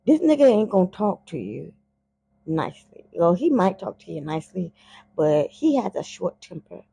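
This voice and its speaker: Low gravelly woman, blunt and slow. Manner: blunt and profane, heated and animated when worked up. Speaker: podcast host. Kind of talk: casual spoken monologue.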